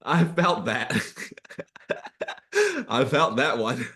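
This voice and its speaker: A man's voice: mid-range voice, huge pitch swings, extremely slow, pushed and bright. A man, a podcast guest, reacting with sympathy and laughter in casual chat.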